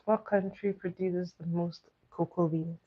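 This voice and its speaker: Woman, trivia host, coaxing, repeats questions, fairly low voice, dull lo-fi sound. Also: fairly even intonation, measured pace. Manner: coaxing, reads questions out to chat and repeats them. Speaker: livestream host running trivia. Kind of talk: casual live trivia chat. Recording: dull lo-fi stream audio.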